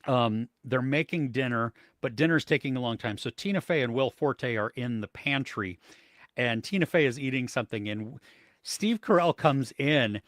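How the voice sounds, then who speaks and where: Man, podcast co-host, loose rambling delivery with plenty of ums, mid pitch, dry close sound. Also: animated, normal speed, fairly bright tone, no echo. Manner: rambling, many fillers and restarts. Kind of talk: casual chat about movies and shows.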